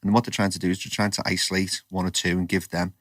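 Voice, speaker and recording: A man's voice: low voice, flat delivery, fast, fairly bright tone, dry recording, clean studio sound. A man hosting a podcast interview, chatty and rambling, often restarting his sentences. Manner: chatty, rambling, self-correcting. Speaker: podcast host. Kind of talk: casual interview chat.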